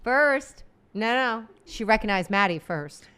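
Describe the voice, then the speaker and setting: On the high side and a little slow, this woman's clean-toned voice recounts a story on a podcast she co-hosts. Animated and exasperated, she acts out what the other people said.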